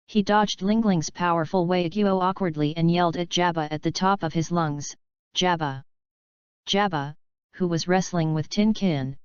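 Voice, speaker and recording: A woman narrating an action story in a steady, even storytelling manner. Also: on the low side, clear, resonant tone, no echo. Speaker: audiobook narrator. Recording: dry, slightly dull lo-fi sound.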